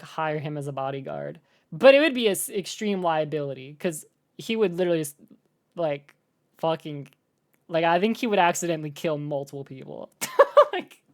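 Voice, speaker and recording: Rambling young American woman streamer. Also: lowish voice. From United States. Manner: rambling, filler-heavy, animated with laughs. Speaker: streamer reacting to a video. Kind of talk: casual live-stream chat.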